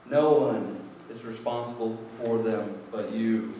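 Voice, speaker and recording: In a church sanctuary, recorded distantly in an echoey hall with a little hiss or hum, a pastor preaches slowly in a fairly low, dark voice. He keeps things conversational and jokey, acting out people's excuses.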